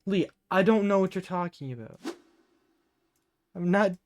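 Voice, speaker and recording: A man's voice: high-pitched, lively intonation, a little slow. A man co-hosting a casual podcast, goofy and jokey, protesting in an exaggerated way. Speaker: podcast co-host.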